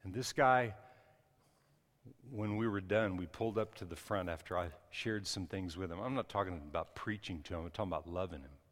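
A man's voice: sits low, a little fast, a bit bright, big-room sound. A man preaching a sermon, telling a personal story in a loose, conversational way with frequent restarts and asides. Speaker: pastor.

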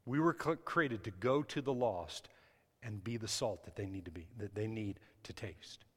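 A man's voice: lowish voice, moderate pace, a bit bright, husky. A male pastor preaching a sermon in a church, emphatic, often restarting his phrases. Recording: hall reverb with faint music.

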